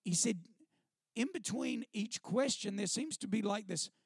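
A middle-aged man from New Zealand with a New Zealand accent, speaking as a guest on a church stage and sharing his testimony in an animated, self-deprecating, chatty way. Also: high-pitched, measured pace, gravelly, slightly rough, no room sound, clean studio sound. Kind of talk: personal testimony storytelling to a live audience. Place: stage before a live audience.

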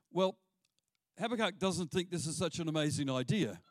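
A man's voice: on the high side, measured pace, no echo. Male pastor preaching animatedly. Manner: animated, acts out quoted voices. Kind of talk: sermon.

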